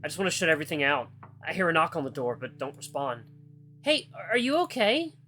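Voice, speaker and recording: A man hosting a gaming channel reads a visual novel aloud in first person, very fast and with a fairly high pitch. He's expressive and drops casual asides between the narration. Faint guitar music plays in the background.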